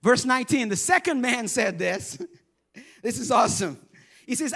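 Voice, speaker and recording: Brief: male pastor, lighthearted storytelling sermon, voice sits high. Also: very animated, unhurried, vocal fry, long pauses, a bit bright. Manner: humorous, conversational storytelling.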